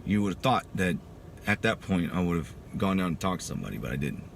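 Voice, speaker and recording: Talking fast in a low, gravelly voice with big pitch swings, this veteran from Texas shares his own story. He's in his thirties and gives his testimony in a casual, emphatic style, often dropping "dude." Slight background noise is present.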